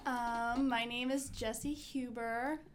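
A woman's voice: on the high side, steady tone, takes it slowly, a little hiss or hum. Young college woman guesting on a podcast. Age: young adult. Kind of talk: casual interview.

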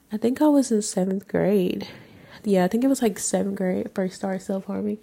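A woman in her twenties hosting a podcast, telling a personal story in a frank, raw, casual way with some swearing and halting pauses. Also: fairly low pitch, creaky, mellow. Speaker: podcast host. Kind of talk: candid personal storytelling monologue.

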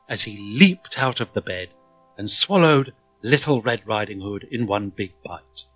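A man reading a children's story aloud in an expressive, dramatic manner. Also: lowish voice, unhurried, no echo, faint music behind, rough recording.

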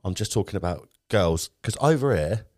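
A man's voice: lowish voice, lively intonation, normal speed, a little mellow, no room sound, studio quality. A young English man co-hosting a podcast, swearing a lot and laughing as he tells stories in casual banter. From England. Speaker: podcast co-host.

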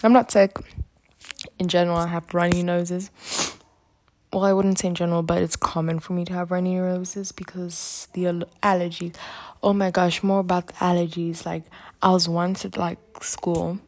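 A woman's voice: fairly low pitch, level tone, normal speed, a little mellow, no room sound. A teenage girl with a runny nose, rambling through a casual solo podcast story with lots of fillers. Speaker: podcast host.

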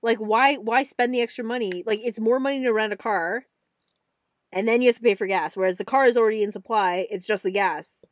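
A woman's voice: fairly high pitch, fairly quick, dry recording. Young woman, casual friend chat, blunt and profane, dry close sound.

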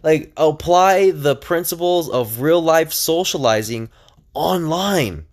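Energetic young man hosting a podcast. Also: on the high side, slow. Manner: energetic and chatty, many fillers and restarts. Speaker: podcast host. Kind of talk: casual solo podcast monologue.

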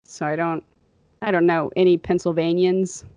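A woman's voice: on the low side, little pitch movement, mellow, no echo. A young woman with a slightly nasal Chicago accent, co-hosting a podcast in casual, rambling chat. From American Midwest. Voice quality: somewhat nasal. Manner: rambling, laughs often, quick asides. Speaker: podcast co-host.

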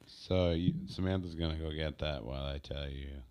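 A man's voice: rumbling low, steady tone, normal speed, darkish tone, clean tone. A young man from the United States co-hosting a podcast in easygoing casual chat. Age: young adult. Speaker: podcast co-host.

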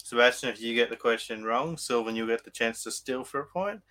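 A man's voice: mid-range voice, a little fast, pushed and bright. An Australian man hosting a collectors' podcast and running a quiz, upbeat and leading the talk. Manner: upbeat, leads the talk and explains rules. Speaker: podcast host.

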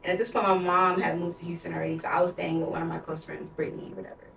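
This young woman in her twenties has a lowish voice with vocal fry, racing along in a flat delivery against a noisy background. As a podcast co-host, she tells a personal story with candor and emotion, leaning heavily on "like." The mic is far away and the sound is roomy.

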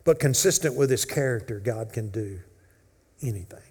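A man, a pastor, preaching a sermon with dynamic swings from loud emphasis to hushed whispers. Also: medium pitch, lively intonation, moderate pace, husky, in a large hall. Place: church sanctuary.

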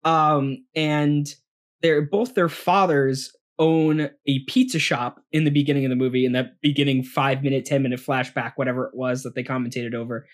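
A man's voice: mid-range voice, fairly even intonation, normal speed. A man co-hosting a casual movie-review podcast, rambling with many fillers and frequent laughs. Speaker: podcast co-host.

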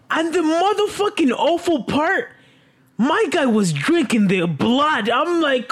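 A speaker casually recapping a crime show, animated and profane, often jumping to high exclaims. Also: unhurried. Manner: animated, swearing, exclamatory, with sudden leaps in pitch.

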